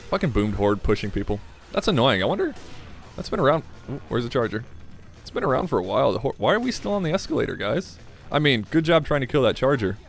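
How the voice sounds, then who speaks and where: A young man giving casual, rambling commentary over a game at his desk late at night, tired and giggly. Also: mid-range voice. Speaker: gaming commentator. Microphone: desk microphone.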